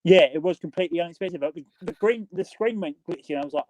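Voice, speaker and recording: Casual, sweary male co-host with a high voice. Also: fast, darkish tone, a little hiss or hum, rough recording. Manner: laughing, sweary, storytelling. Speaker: stream co-host. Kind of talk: casual chat.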